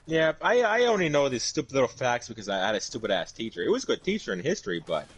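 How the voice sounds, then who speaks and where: A man's voice: medium pitch, very animated, fast talker, breathy edge. A man chatting casually on a gaming talk show, hesitant with lots of fillers. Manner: hesitant, many fillers and restarts. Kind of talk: casual chat.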